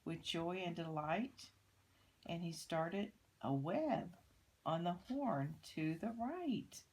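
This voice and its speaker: An older woman reading a picture book aloud to children, pausing to point out the pictures. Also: fairly low pitch, expressive, darkish tone, slightly rough, rough recording. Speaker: storyteller.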